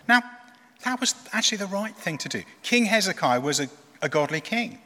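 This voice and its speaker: A man preaching a sermon in a church, retelling a story in an animated, conversational way. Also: sits high, brisk, in a large hall.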